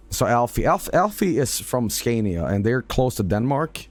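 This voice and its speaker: A man's voice: medium pitch, faint music behind. A man from northern Sweden, a native Swedish speaker with a northern Swedish accent, rambling animatedly in casual gaming stream commentary. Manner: animated, rambling, quick restarts.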